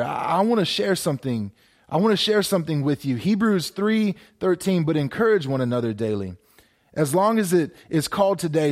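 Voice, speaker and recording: Speaking to a camera for people watching at home, this man delivers a pastor's sermon. His pitch is fairly high and his tone darkish, and his exhortations are full of repeated phrases and stammered restarts.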